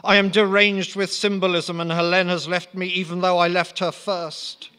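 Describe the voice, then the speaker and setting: A man's voice: sits high, flat delivery, normal speed, bright, forceful tone, clear, resonant tone, voice pushed up. A man voicing a feckless, self-important young Russian nobleman who speaks grandly. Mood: grandiose.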